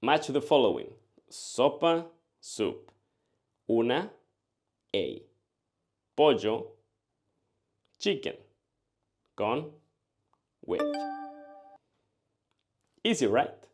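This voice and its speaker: Male language tutor, slow deliberate delivery, animated pitch, scripted lesson read. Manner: slow, carefully enunciated drilling of phrases. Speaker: language teacher.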